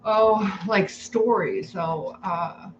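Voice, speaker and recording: A woman's voice: medium pitch, extremely slow, dull audio, a little hiss or hum. A woman hosting a cooking livestream in her home kitchen, chatting casually and rambling to viewers while she cooks. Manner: chatty, rambling, greets viewers, laughs often.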